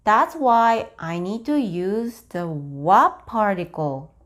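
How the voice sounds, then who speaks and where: Slow, lively Japanese-accented woman teacher. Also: mid-range voice. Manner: very slow and deliberate, spelling out sentences piece by piece. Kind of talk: slow, clear online language lesson.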